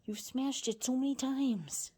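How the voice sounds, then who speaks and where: A woman's voice: sits high, unhurried, mellow, husky. A woman talking to her pet bird in affectionate baby talk, often laughing and slipping into whispers. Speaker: pet owner.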